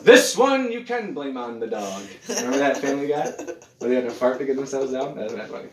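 A man chatting casually as a podcast host, animated and profane, often restarting his sentences. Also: medium pitch, fairly quick, crowd noise. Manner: animated, swearing, restarts a lot. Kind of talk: casual chat. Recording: echoey room.

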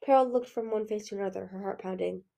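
A woman reading a fantasy novel aloud in steady storytelling narration. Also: medium pitch, fast talker, gravelly. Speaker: audiobook reader.

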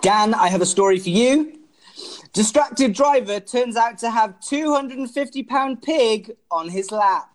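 A man's voice: extremely high pitch, a little slow, soft background music. A man with a Welsh accent co-hosting a podcast, telling stories casually and laughing often. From Wales. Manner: laughs often, lively storytelling. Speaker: podcast co-host. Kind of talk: casual comedic chat.

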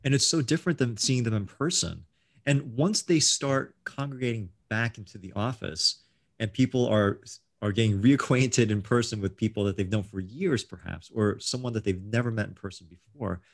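Middle-aged male host, gravelly low voice, dry close sound, loose rambling delivery. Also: moderate pace, no echo. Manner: rambling, many ums and restarts. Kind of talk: casual interview chat.

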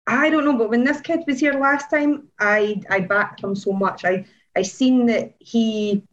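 A woman chatting excitedly on a podcast, gushing and laughing often. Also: on the high side, measured pace, dull audio. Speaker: podcast co-host. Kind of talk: casual chat about motor racing.

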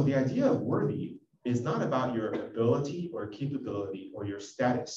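A man preaching an expository sermon, reading scripture with animated emphasis. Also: mid-range voice, slight background noise. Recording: echoey, dull audio from a distance.

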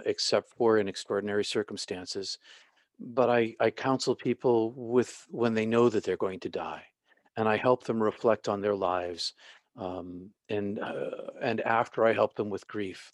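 A man, a former pastor and end-of-life counselor, telling stories as an interview guest with halting restarts. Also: fairly low pitch, no room sound, clean studio sound. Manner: halting, many restarts, vivid retelling.

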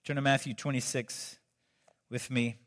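A man's voice: medium pitch, level tone, a little slow, fairly bright tone. A male pastor preaching a sermon in a conversational way, breaking in with joking asides.

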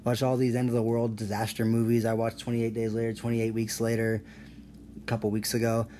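A man's voice: medium pitch, monotone, a little fast, mellow, slight background noise. Rambling, profane male podcaster. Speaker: podcast host. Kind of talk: solo podcast rant.

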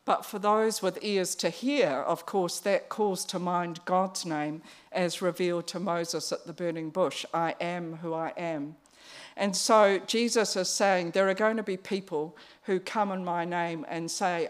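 A woman preaching a conversational sermon, pausing on fillers and restarts. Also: fairly low pitch, fairly even intonation.

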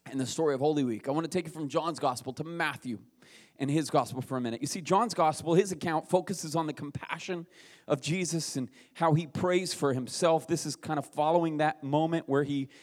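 A young male pastor delivers a conversational sermon, leaning on rhetorical questions. His voice sits a little high and climbs when he drives a point home. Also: fairly quick.

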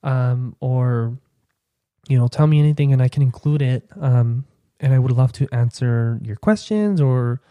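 Unhurried and recorded with no room sound, this young podcast host chats solo with his listeners in a playful, casual way. Campy asides pepper his talk, including one low, quiet "sweetie."

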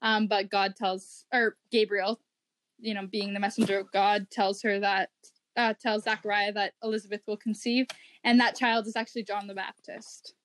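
A woman's voice: mid-range voice, little pitch movement, moderate pace, fairly bright tone, a little hiss or hum, poor audio. A woman in casual conversation, explaining things carefully with small restarts.

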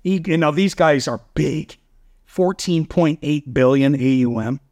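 High-pitched guy on a podcast, startup founder, animated and laughing a lot. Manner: animated storyteller, quick jumps in pitch, laughs often. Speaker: startup founder and CEO, guest. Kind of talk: casual podcast chat.

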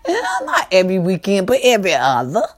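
A woman speaking, casually addressing viewers in a monologue that moves between lively, swearing storytelling and slow, subdued grieving. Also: medium pitch. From California. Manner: animated and swearing at first, then slow and subdued while grieving. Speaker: host.

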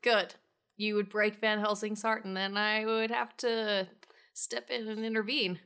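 Casting: woman doing a quirky young woman, bright clear voice, playful and rambling. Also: medium pitch, little pitch movement, unhurried. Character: imaginative young woman, upbeat and scheming.

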